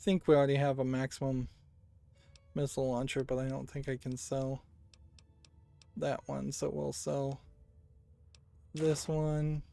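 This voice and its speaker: Brief: unhurried male let's-play commentator, gravelly and dark, thinking out loud. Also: medium pitch, level tone, soft background music. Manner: unhurried, thinks aloud with musing hums. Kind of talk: casual gameplay commentary.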